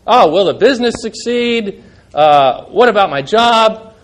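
Male pastor, high voice, emphatic sermon delivery with conversational asides to the congregation. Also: expressive, a little slow. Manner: emphatic, rising when quoting scripture, conversational asides to the congregation.

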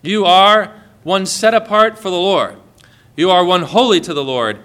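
A male pastor delivering a sermon with a high, bright voice. He preaches earnestly, building to ringing exhortations. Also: unhurried, clear, resonant tone.

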